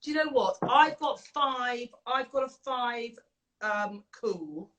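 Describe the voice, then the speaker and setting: A woman's voice: on the high side, expressive, slow, fairly bright tone, poor audio. A woman, a makeup artist and beauty founder, chatting effusively while demonstrating makeup over a video call, with many fillers. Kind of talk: casual chat with makeup demonstration.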